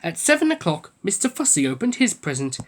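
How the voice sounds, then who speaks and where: A man reading a children's picture book aloud, telling the story with lively delivery. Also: brisk. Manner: lively storytelling, raising pitch for quoted speech. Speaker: book reader.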